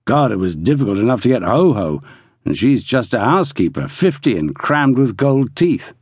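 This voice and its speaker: A man's voice: mid-range voice, very animated, moderate pace, a little mellow, slightly rough, no echo, clean studio sound. A male narrator voicing a breezy, teasing young British army soldier in an audiobook. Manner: breezy, joking.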